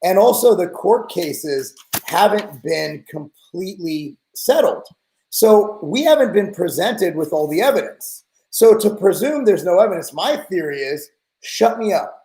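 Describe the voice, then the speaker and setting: Podcast host, man in his forties, high-pitched, blunt exasperated rant, echoey room. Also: expressive, a little slow, dark tone. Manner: blunt, profane, exasperated ranting.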